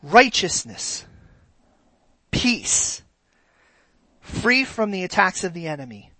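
Animated preacher with a dry sound. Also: mid-range voice, slow pace, dry recording, low-quality recording. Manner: animated, asks the congregation rhetorical questions. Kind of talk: sermon.

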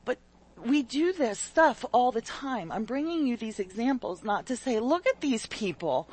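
A woman preaching a sermon with a conversational, animated delivery that swings from loud exclamations to soft scripture reading and speaks straight to her listeners. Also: a little high, moderate pace, breathy edge. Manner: conversational, addresses listeners directly.

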